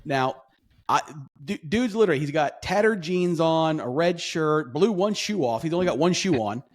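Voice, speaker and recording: Animated storytelling man. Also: fairly high pitch, moderate pace. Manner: animated, acts out quoted voices, rambling restarts. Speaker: podcast co-host. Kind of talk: casual storytelling chat.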